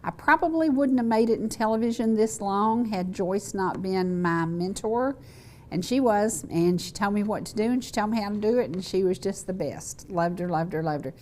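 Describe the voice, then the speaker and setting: A woman's voice: medium pitch, animated, normal speed, darkish tone, slight background noise. A middle-aged woman with a Southern US accent, hosting a local talk show in a folksy, chatty way, speaking to the camera. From North Georgia, US. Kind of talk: casual chat to camera. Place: local TV studio set.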